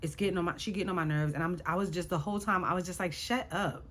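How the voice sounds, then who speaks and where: A woman's voice: lowish voice, fairly even intonation, very fast, a bit bright. A woman recapping a reality show in casual chat, sassy and exasperated as she talks to her viewers.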